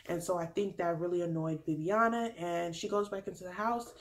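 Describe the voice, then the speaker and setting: A young woman vlogger recapping a reality show in a chatty, animated way, often laughing and acting out what people said. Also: lowish voice, brisk. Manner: chatty, laughs often, drops into quoted voices. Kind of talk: animated casual recap with acted-out quotes.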